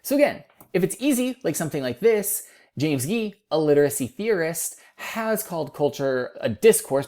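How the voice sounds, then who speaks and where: A woman's voice: low voice, big pitch swings, moderate pace, warm tone. A woman teaching writing in a recorded lecture, explaining casually and correcting her own slips as she goes. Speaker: writing instructor. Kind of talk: recorded lecture over slides.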